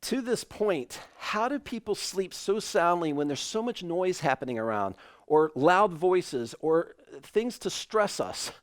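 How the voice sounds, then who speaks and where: A man preaching an online sermon in a relaxed, conversational way, telling a family story with animated asides. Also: sits high, measured pace, dry recording, studio quality. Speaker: pastor.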